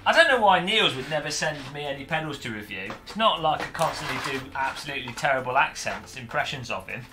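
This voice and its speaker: A man's voice: fairly high pitch, sing-song, quick pace, over music. A man on a casual livestream, joking, swearing and mocking himself while setting up gear. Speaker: streamer.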